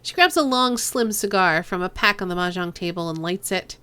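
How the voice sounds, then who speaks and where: A woman streamer narrating a role-playing game with lively, joking asides. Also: fairly low pitch, moderate pace, clear, resonant tone.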